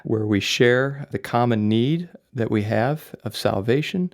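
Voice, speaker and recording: Man, gravelly voice, podcast host, reflective, casual faith talk. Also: medium pitch, measured pace, few pauses, soft background music.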